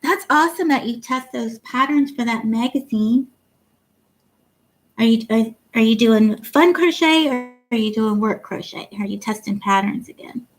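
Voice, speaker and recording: A woman's voice: a little high, normal speed, low-quality recording. A woman hosting a casual livestream chat, reading viewer comments aloud and laughing often. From Ohio. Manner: chatty, giggly, reads comments aloud. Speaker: livestream host.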